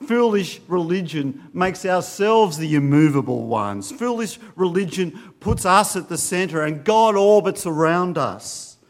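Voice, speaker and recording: A man's voice: high-pitched, lively intonation, unhurried, few pauses. A man preaching a sermon, earnest, often putting questions to his listeners.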